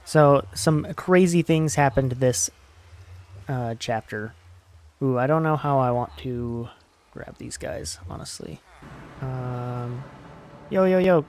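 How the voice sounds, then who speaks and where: A young man with a mid-range voice hosts a gaming channel, rambling casually as he plays and sums up a book. He's relaxed and uses many fillers like "like," and there's no room sound.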